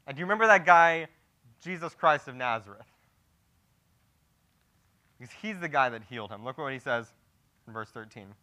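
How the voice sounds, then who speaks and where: A man's voice: a little high, expressive, moderate pace, pauses often, sharp tone. A young man preaching a sermon, teaching through a Bible passage in a casual, conversational way that builds to emphatic declarations.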